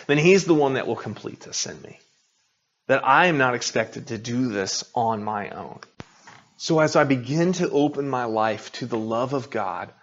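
Brief: middle-aged male pastor, conversational sermon, mid-pitched voice, slightly dull recording. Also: husky. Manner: conversational, confessional preaching with rhetorical asides.

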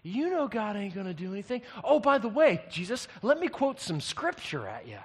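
A man voicing a sly male devil who coaxes and mocks, rising to gleeful shouts. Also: high-pitched, big pitch swings, normal speed, breathy edge, pitched above the performer's own voice, full character voice. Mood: coaxing. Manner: wheedling, mocking, rising to shouts.

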